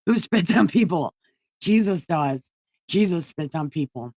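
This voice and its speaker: A woman's voice: lowish voice, expressive, a little slow, darkish tone, dry recording. A woman hosting a comedic, irreverent Bible reading stream, sarcastic and profane. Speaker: host.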